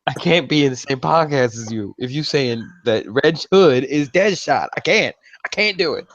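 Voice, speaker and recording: A man's voice: on the high side, lively intonation, moderate pace, a bit bright, slight background noise. A man co-hosting a casual gaming podcast, joking around in a mock dramatic way. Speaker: podcast co-host. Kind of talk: casual group chat. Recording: muffled lo-fi mic.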